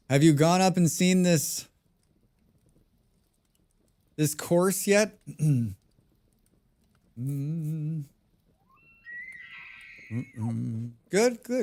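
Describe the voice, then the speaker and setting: A man's voice: medium pitch, big pitch swings, slow pace, pauses often, darkish tone, dry recording. A man live-streaming a survival game, chatting casually with his viewers and repeating his own phrases. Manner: chatty, talks to himself and chat, repeats phrases.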